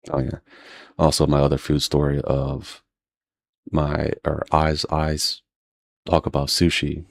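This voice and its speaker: A man's voice: a bass voice, monotone, takes it slowly, creaky, long pauses, no echo. A man telling stories in a laid-back, casual chat while playing a game, swearing and laughing often. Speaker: gaming streamer.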